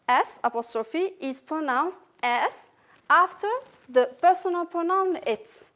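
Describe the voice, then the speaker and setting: A woman teacher with a French accent giving a recorded English revision lesson, slowly repeating each word and sentence for her learners. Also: very high voice, animated, fairly bright tone.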